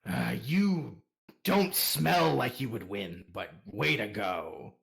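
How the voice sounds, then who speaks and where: A man voicing a burly, calloused tavern owner who talks gruffly and blusters, in a tabletop game. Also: mid-range voice, big pitch swings, slow, fairly bright tone, exaggerated voice. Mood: blustering.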